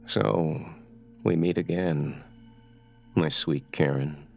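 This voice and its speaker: A man voicing a creepy, obsessive male captor who speaks slowly and with menace, in a horror story. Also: extremely low pitch, darkish tone, soft background music, exaggerated voice. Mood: mocking. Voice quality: gravelly, breathy. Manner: slow, leering, menacing.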